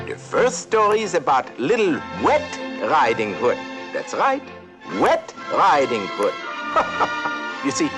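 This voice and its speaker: Ludwig Von Drake, giggly professor duck. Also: male voice, medium pitch. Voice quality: giggly, rambling, self-correcting. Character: eccentric old male duck professor, giggly and rambling. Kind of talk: storybook narration for a talking toy.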